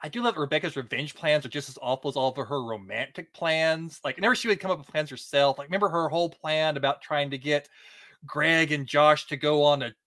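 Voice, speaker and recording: A man co-hosting a podcast in casual chat, animated and laughing often. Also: a little fast, no echo. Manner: animated, laughs often, quotes in high put-on voices. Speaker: podcast co-host.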